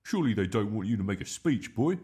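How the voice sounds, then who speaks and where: A man voicing a stern, exasperated father in a storybook, gruff and blustering. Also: fairly low pitch, big pitch swings, quick pace, dark tone, voice pushed up.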